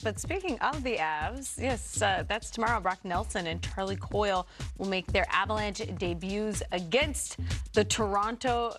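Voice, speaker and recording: A woman hosts a casual sports talk show in a playful, easygoing way, and she laughs often. Her voice sits at an ordinary middle pitch. Faint music plays underneath. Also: pushed and bright. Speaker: studio host.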